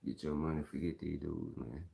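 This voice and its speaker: A man's voice: extremely low pitch, flat delivery, moderate pace, vocal fry, mellow. A middle-aged man from Mississippi with a Southern accent, talking bluntly and casually on a live stream, repeating his points in slang.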